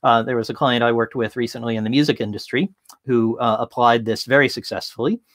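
A man giving an interactive talk from home as a tech consultant, casual and full of fillers, telling lively stories. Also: mid-range voice, brisk, no room sound.

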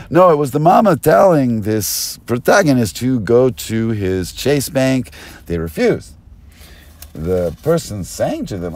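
A man's voice: medium pitch, big pitch swings, measured pace, darkish tone. A man delivering an erratic, conspiratorial stream-of-consciousness monologue, recorded on a binaural mic. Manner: erratic, conspiratorial, jumps between topics. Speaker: self-styled press speaker.

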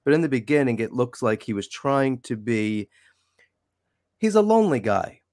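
A man appearing as a guest analyst in a casual chat, speaking emphatically and with lively stress. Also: mid-range voice, moderate pace, dry recording, studio quality.

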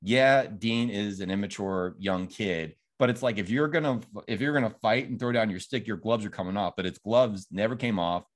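Talking at normal speed with hardly any pauses, a man with a lowish voice hosts a podcast. He's from Phoenix, Arizona, and rambles casually through a film review, recounting its scenes.

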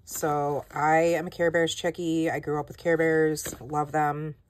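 A woman's voice: sits low, little pitch movement, a little slow, a little hiss or hum. A woman hosting a casual haul vlog, chatty and self-deprecating, with lots of "like" and "um", often laughing at herself. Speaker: planner channel host.

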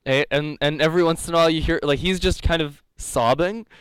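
A man's voice: on the high side, a little fast, a bit bright, clear, resonant tone, no echo. A young man teaching a live coding lecture, rambling and joking, laughing often. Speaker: coding instructor.

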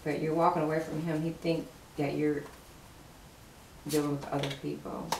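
A woman's voice: deep voice, level tone, normal speed, distant mic. A woman doing a casual tarot reading in an emphatic, sassy manner, repeating her points for effect. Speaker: tarot card reader. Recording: roomy, from afar, faint hiss.

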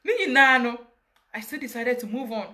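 Ghanaian woman, high bright voice, emphatic and passionate as an interview guest. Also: normal speed. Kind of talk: emotional personal account.

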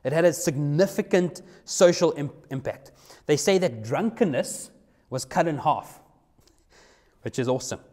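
A man preaching a sermon, emphatic, slowing down to stress key words. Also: on the high side, expressive, mellow.

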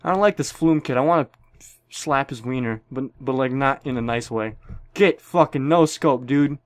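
A man's voice: medium pitch, moderate pace, no echo. A young man giving profane, joking commentary on a shooter game, with sudden yelps. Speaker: gameplay commentator. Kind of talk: casual gameplay commentary.

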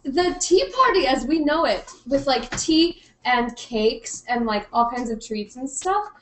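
A woman's voice: sits high, lively intonation, a little slow, fairly bright tone, reverberant, slight background noise, low-quality recording. Chatty young woman explaining with um and like. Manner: chatty, filler-heavy. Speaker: presenter of a topic. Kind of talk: casual explaining.

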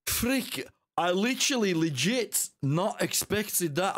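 Male streamer, casual gaming chatter, very animated pitch, unhurried delivery, faint music behind. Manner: exclaims, laughs and chats with viewers.

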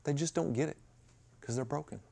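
A man preaching a sermon at a mission chapel, talking in a conversational way with sudden loud bursts and hushed asides. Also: a little high, fairly quick, gravelly. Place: mission chapel with a live audience.

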